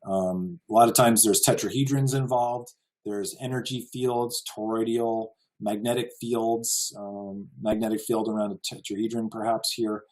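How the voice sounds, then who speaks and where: A man's voice: lowish voice, steady tone, normal speed, darkish tone, low-quality recording. An American man giving a casual slideshow lecture, earnest and full of wonder, chuckling now and then. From United States. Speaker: presenter.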